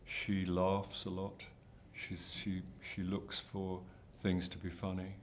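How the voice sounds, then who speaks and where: Speaking slowly in a deep, monotone voice, an older man, an actor, fields press junket questions in a hesitant, self-deprecating manner with many restarts. A little hiss or hum sits under the recording.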